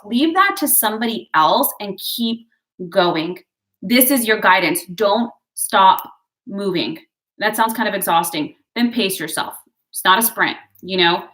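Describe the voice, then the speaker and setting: A woman reads tarot for her viewers in a loose, conversational way. Her voice is bright and crisp, and she keeps cheering them on, calling them guys and drifting into little asides. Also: medium pitch, expressive, a little slow. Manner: chatty, digressive, encouraging, addresses viewers as guys. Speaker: tarot and astrology reader. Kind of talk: casual horoscope reading to camera.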